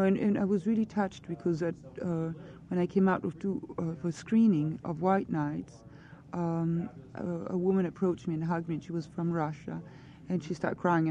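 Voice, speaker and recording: A woman's voice: lowish voice, warm tone, highs cut off. A woman answering questions as an actress in a press interview, earnest and searching for her words.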